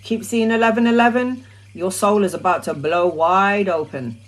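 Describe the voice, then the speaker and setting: A woman hosting a casual spiritual live stream, talking freely with plenty of ums and chanting mantras in a soft voice that trails off. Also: medium pitch, normal speed. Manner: talkative, with frequent um and uh. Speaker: spiritual live-stream host answering questions.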